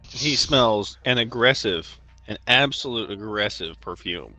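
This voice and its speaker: A man's voice: fairly low pitch, lively intonation, measured pace, sharp tone, no echo, soft background music. A man running a tabletop game as game master, narrating scenes casually.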